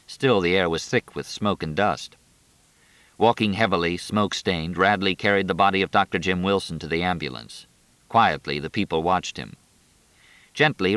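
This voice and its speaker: A man reading a novel aloud in a steady, measured narration. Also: deep voice, no echo. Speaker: audiobook narrator. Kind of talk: scripted narration.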